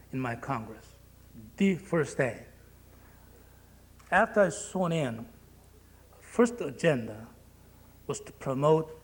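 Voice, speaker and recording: Korean-accented man giving a speech. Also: on the high side. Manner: plainspoken, joking, halting phrasing. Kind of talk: public speech.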